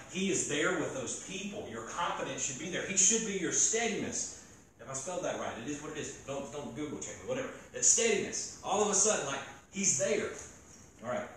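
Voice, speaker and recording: A man preaching a casual, joking sermon, talking with the crowd in an animated way. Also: fairly high pitch, a little hiss or hum. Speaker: youth preacher. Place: church gathering hall. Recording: echoey hall from far off.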